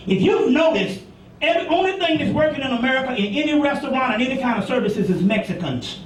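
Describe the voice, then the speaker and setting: A man with a very high voice talks to an audience in loose, rambling style, swearing freely and often checking "you see what I'm saying". He is heard from some distance in an echoey room with faint noise behind him. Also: animated, quick pace. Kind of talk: informal lecture to an audience.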